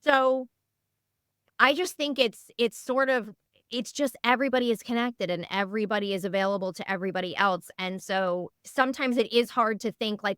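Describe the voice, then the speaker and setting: Woman podcast guest, earnest storyteller, clear smooth tone. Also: on the high side, a little fast, no echo, studio quality. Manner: animated storyteller, lively and earnest. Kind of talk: casual interview chat.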